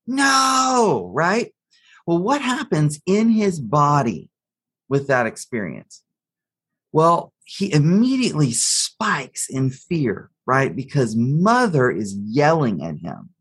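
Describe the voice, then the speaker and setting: The speaker is an interview's expert guest, a man whose slightly rough voice sits a little high with a fairly bright tone. Step by step, he unfolds a story to illustrate psychology, performing the lines of the people in it.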